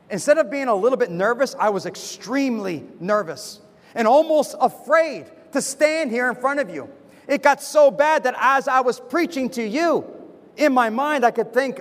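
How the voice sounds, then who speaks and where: A man, a pastor giving a sermon from the pulpit in fast, animated personal storytelling. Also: high voice, big-room sound. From United States. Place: church with a pulpit.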